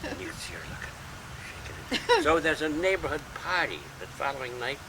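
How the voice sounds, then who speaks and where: An older man spins a story, his pitch leaping high and dropping low as he acts out snarls and retorts. It is a home video with loud street and traffic noise all around him. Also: wildly swooping pitch, brisk. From United States. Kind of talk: casual anecdote in a home visit. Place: house in a city neighborhood. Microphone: camcorder mic.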